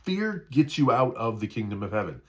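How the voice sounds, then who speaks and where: A man with a mid-range voice speaks at normal speed with big swings in pitch, and the recording has its highs cut off. He gives a casual, conversational spiritual talk, repeating himself and often asking "right?" He acts out the quoted inner voices people hear in their heads.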